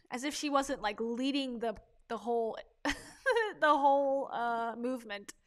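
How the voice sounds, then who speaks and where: Chatty woman picking apart a speech. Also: fairly high pitch. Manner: chatty, critical, many fillers. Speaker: livestream commentator. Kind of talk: casual commentary on a clip.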